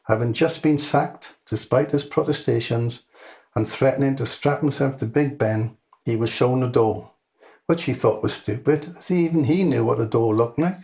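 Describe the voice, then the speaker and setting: Man narrating a deadpan comic story. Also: mid-range voice, moderate pace, creaky. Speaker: author reading his own story.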